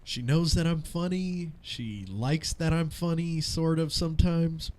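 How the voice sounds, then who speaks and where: In casual podcast-style banter on the radio show he co-hosts, a man in his thirties spins stories full of profanity and laughter. He speaks at a measured pace with a fairly high pitch, animated throughout.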